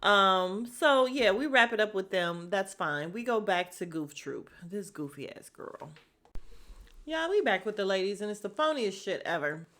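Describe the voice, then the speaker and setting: A woman's voice: mid-range voice, unhurried. A woman hosting a podcast, recapping a reality show in a casual, gossipy way and acting out what the cast members said. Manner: animated, gossipy, acts out quotes. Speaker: podcast host.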